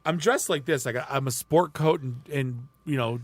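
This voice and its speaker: A man co-hosting a podcast, telling stories in an animated way and swearing freely. He is from the Detroit area. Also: mid-range voice, moderate pace, dry recording. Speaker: podcast co-host. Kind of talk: casual chat, storytelling.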